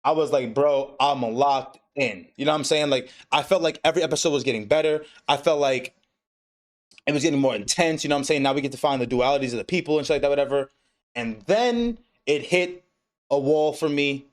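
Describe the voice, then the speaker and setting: A man's voice: fairly high pitch, fast. Casual, profane man streaming an anime recap. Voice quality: relaxed, profane, laughs often. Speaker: stream host. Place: home streaming setup. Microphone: desk setup with webcam.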